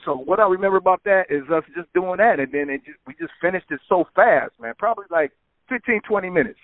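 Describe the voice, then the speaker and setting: A man guest telling relaxed stories about making records, filling his talk with "man" and "you know". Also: sits high, quick pace, no room sound. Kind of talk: casual interview storytelling. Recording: phone-like narrow sound.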